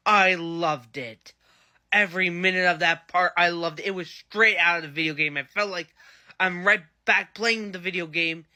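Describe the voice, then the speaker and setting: A man's voice: a little high, pushed and bright, clear, resonant tone. A man giving a casual, rambling, enthusiastic review of a TV episode. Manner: enthusiastic, rambling fan chatter. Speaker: TV show reviewer.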